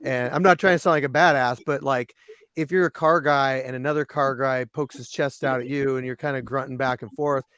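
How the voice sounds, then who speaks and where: A man's voice: mid-range voice, steady tone, a little fast, fairly bright tone, clean tone, dry recording. A man from Washington State hosts a laid-back podcast, wandering through his thoughts with fillers and restarts. His mid-range voice sounds dry and close. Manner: rambling, many fillers and restarts. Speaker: podcast host. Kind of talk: casual chat.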